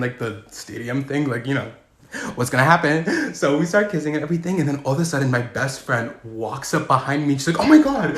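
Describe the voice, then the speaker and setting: A young man telling comedic storytime anecdotes in a fast, animated way, his voice shooting up high and loud at the punchlines. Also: reverberant.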